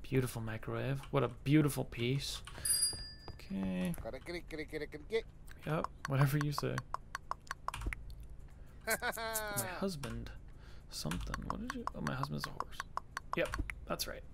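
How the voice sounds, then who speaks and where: A man's voice: fairly high pitch, lively intonation, measured pace, gravelly, pauses often, noisy background. A man giving casual let's-play commentary, chatty and self-mocking, talking to the game's characters. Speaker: gaming YouTuber.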